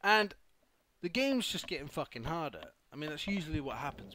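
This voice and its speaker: A man's voice: a little high, very animated, fairly quick, slight background noise. Foul-mouthed raging gamer guy. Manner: swearing, frequent angry yelling outbursts. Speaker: gaming youtuber. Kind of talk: let's play commentary.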